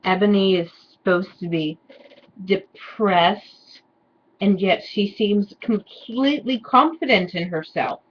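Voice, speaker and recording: A woman giving a sarcastic dramatic reading with deadpan, mocking asides. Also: medium pitch, slow pace, dull audio, a little hiss or hum. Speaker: reader and commentator.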